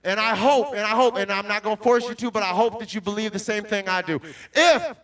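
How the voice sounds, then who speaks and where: A man preaching to a young audience in an animated way, calling out questions to the crowd and bursting into shouts. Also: sits high, brisk, far from the mic. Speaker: Christian motivational speaker.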